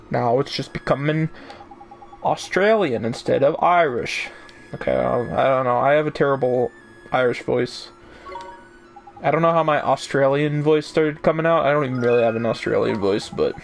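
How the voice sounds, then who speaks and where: A man's voice: mid-range voice, normal speed, creaky, faint music behind. A man streaming a video game, chatting casually and joking at his own expense. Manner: joking, self-deprecating. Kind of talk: casual gameplay commentary.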